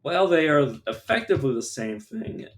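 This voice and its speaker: A man's voice: on the high side, sing-song, moderate pace. A man streaming a video game live, chatting casually in a rambling, profane, self-interrupting way.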